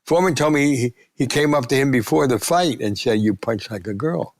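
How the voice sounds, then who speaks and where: A man in his nineties, a guest sportswriter, telling animated anecdotes and acting out the voices of people he quotes. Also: medium pitch, brisk. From United States. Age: 90s. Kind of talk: storytelling interview.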